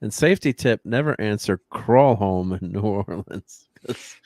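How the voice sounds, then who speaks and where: Laid-back man with a low voice. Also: lively intonation, unhurried, darkish tone, no echo, studio quality. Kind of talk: casual chat.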